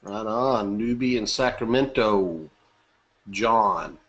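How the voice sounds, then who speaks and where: A man's voice: fairly low pitch, slow pace, muffled recording. Upbeat man hosting a live webinar. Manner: upbeat, chatty, reading names aloud and joking. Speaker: webinar host. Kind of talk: live webinar greeting attendees.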